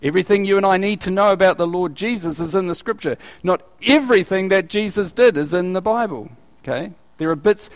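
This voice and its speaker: A man with a slightly raised voice teaches from the Bible in a relaxed, conversational way, putting questions to his listeners. His voice carries a long reverberation from the hall around him. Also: high-pitched. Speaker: preacher.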